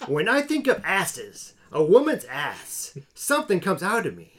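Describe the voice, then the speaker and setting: A man doing a playful impression of a gruff male film actor, delivering lines emphatically. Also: high voice, wildly swooping pitch, unhurried, exaggerated voice. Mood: hammy.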